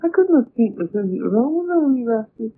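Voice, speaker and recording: An older woman with a Scottish accent, gently recounting a personal story in a wondering, quietly emotional way. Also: fairly high pitch, big pitch swings, quick pace. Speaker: interviewee. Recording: tinny lo-fi tape with faint hiss.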